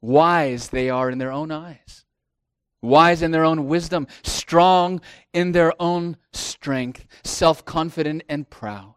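A middle-aged man delivers a sermon from the pulpit, his voice sitting a little high for a man. He swells into emphatic declarations and then sinks to quiet, confiding asides. The sound is close and dry, with no room around it. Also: slow pace, smooth, no echo. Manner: preaching with swelling emphasis and dropping to hushed asides. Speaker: pastor.

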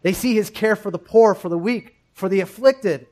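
A man preaching a sermon as pastor, speaking in a measured, rhetorical way with repeated phrases and questions. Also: high-pitched, mellow, low-quality recording.

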